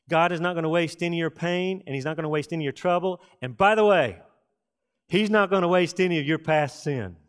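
A middle-aged man preaching a sermon from Texas, telling folksy stories with dramatic pauses and asides. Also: fairly high pitch, clean tone. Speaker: pastor.

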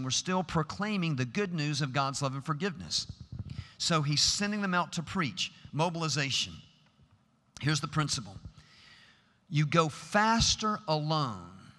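A man's voice: fairly high pitch, pushed and bright. A middle-aged man preaching a sermon in a large chapel, earnest and emphatic, building to rhetorical questions. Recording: long hall reverb.

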